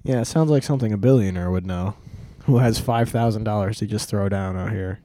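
A man's voice: lowish voice, a little fast, warm tone, dry recording, clean studio sound. A man in his twenties telling a rambling story on a casual podcast, full of fillers and restarts. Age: 20s. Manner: rambling, lots of fillers and restarts, laughs often. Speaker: podcast host.

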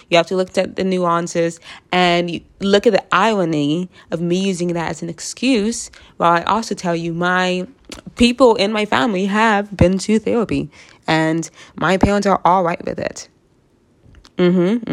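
A woman from the United States talking casually to camera, rambling through her thoughts with frequent laughs and asides. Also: on the low side. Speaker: vlogger.

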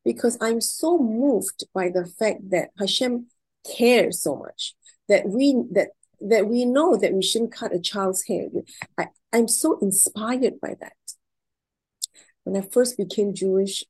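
A woman's voice: mid-range voice, measured pace, darkish tone, husky, rough recording. Effusive middle-aged woman telling stories. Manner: emotional, effusive, repeats words when moved. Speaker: interviewee. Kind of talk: heartfelt personal storytelling.

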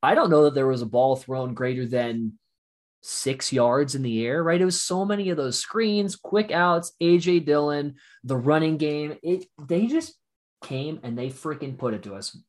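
A man co-hosting a casual sports talk show, telling an emotional fan story with animated bursts, his voice still recovering from shouting. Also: fairly high pitch, moderate pace. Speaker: podcast co-host.

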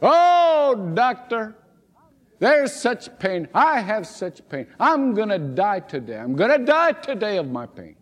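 A pastor voicing a whiny, melodramatic female patient in a story, in a high, drawn-out wail. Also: big pitch swings. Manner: wailing, drawn-out. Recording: long hall reverb.

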